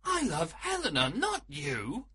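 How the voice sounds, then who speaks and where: A man's voice: fairly high pitch, huge pitch swings, unhurried, bright, forceful tone, breathy edge, voice pushed up, full character voice. A man voicing Lysander, a cold and mocking young man, in a storybook reading. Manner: scornful.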